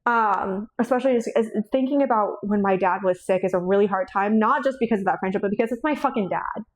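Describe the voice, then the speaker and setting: A young woman who vlogs about books chats casually about her collection, rambling, swearing freely, and laughing often while sounding tearful and shaky. Her voice is medium-pitched and quick.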